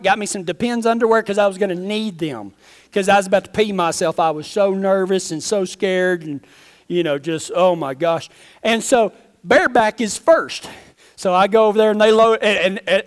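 A high-pitched man preaching in a loose, folksy storytelling way. He is a pastor who rambles through a personal tale and acts out the voices of the people in it. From Texas. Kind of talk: storytelling sermon with closing prayer.

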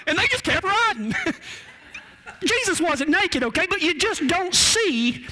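A man's voice: extremely high pitch, very animated, unhurried, bright, forceful tone, a little hiss or hum. A man preaching a folksy, homespun sermon, often repeating words as he restarts his sentences. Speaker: cowboy preacher.

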